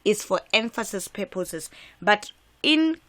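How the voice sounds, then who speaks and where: A woman's voice: medium pitch, lively intonation, a little slow, a bit bright. A woman from South Africa teaching an exam revision lesson, emphatic and repetitive, with frequent restarts. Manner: emphatic, repeats key points, frequent filler restarts.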